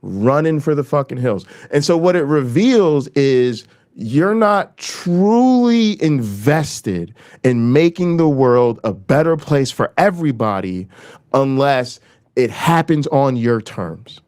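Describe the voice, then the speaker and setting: Guy going off on a fired-up rant, lots of swearing, repeats stuff for punch, voice jumps up then drops low. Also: very animated, slow, darkish tone. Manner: profane, emphatic, heated; repeats lines for punch; swings between raised emphasis and low, dropped delivery. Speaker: channel host. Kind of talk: impassioned political rant to camera.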